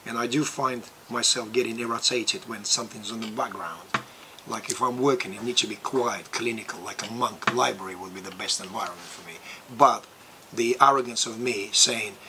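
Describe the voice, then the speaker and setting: A man's voice: on the low side, a little fast, background noise. A man in his forties with a Russian accent, talking loosely and animatedly as a boxing promoter being interviewed. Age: 40s. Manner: animated, laughs often, loud voice. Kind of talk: casual interview.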